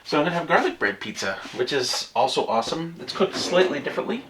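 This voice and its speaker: A man's voice: fairly high pitch, big pitch swings, fast. Chatty middle-aged man vlogging, noisy background. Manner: chatty storyteller, laughs often. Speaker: off-grid cabin vlogger. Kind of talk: casual vlog chat to camera.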